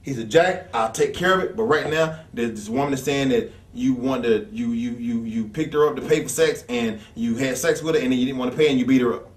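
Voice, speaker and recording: A man's voice: medium pitch, a little fast. A man telling stories in a blunt, profane rant as an interview guest, acting out the people he quotes. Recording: echoey room, distant from mic.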